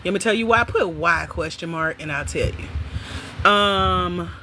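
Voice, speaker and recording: A woman hosts a casual livestream from home and talks straight to her viewers. Her voice is bright and her delivery is animated and chatty, with frequent laughs. A faint room hum sits under her voice. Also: fairly low pitch, unhurried. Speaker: livestream host.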